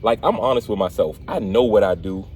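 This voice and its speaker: A man hosts a relaxed conversation with a slightly low voice. He tells stories in an animated way and pokes fun at himself. Faint background noise sits under the talk. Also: brisk. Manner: animated storyteller, laughs at himself. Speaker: host. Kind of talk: casual conversation.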